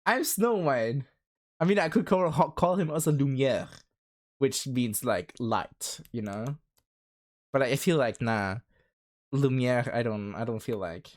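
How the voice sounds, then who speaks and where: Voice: mid-range voice, expressive, a little slow, a little mellow. A livestreamer chatting casually with viewers, rambling with many fillers and laughing often. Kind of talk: casual stream chat.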